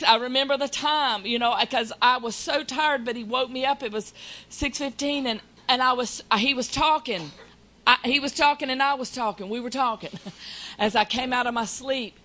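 A woman hosts a faith talk show, speaking fervently in a high, bright voice. She keeps breaking into exclamations and repeating her praise. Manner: fervent, exclamatory, affirms with hallelujahs.

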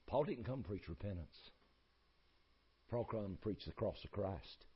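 A man's voice: lowish voice, animated, unhurried, breathy edge, dull audio. A man preaching a sermon, folksy and emphatic, repeating his points in a rising cadence.

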